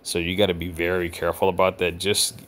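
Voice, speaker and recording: A man vlogging, reading an article aloud in a halting, stumbling way with fillers and casual asides. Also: low-pitched, flat delivery, a bit bright.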